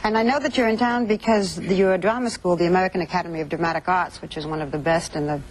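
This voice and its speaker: A woman's voice: on the low side, fairly even intonation, fast, slight background noise, low-quality recording. Teasing TV interviewer woman. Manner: probing, teasing questions. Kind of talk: morning TV interview.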